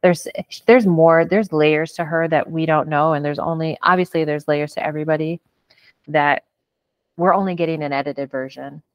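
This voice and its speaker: A woman's voice: low voice, fairly even intonation, moderate pace, clean tone, no room sound. A woman hosting a casual reality-show recap chat, blunt and frank, swearing as she gives her opinions. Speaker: podcast host.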